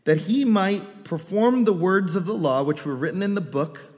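A man preaching a sermon as pastor, animated, with joking asides and quoted voices. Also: high voice, normal speed. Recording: long reverb of a hall.

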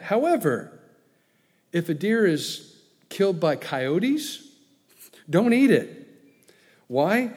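A man's voice: on the high side, darkish tone. A man preaching a folksy sermon, telling stories and growing emphatic as he makes his points. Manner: folksy storytelling, grows emphatic. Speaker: pastor. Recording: long hall reverb.

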